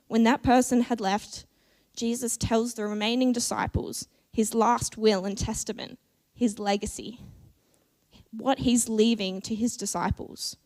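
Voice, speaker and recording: A woman's voice: a little high, a little mellow. Earnest woman preaching a sermon. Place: church.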